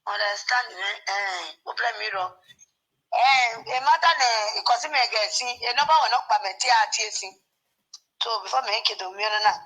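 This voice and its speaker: Woman, fast bright chatter, high voice, casual call-in tone. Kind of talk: casual chat.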